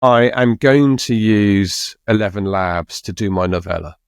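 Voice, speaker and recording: Middle-aged male co-host, very low voice, dry sound, halting casual delivery. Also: clean tone, dry recording. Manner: halting, with frequent restarts. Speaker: podcast co-host. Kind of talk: casual chat.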